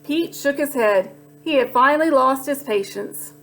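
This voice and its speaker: High-voiced woman storyteller, lively read-aloud, faint music beneath. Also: moderate pace. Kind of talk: scripted children's story narration.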